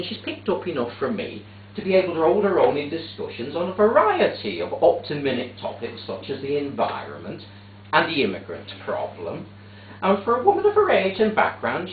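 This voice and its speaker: A man performing a theatrical monologue on stage, telling the story in a fussy, prim, deadpan way. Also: high-pitched, a little hiss or hum. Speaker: stage actor. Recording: echoey theatre, distant tinny capture.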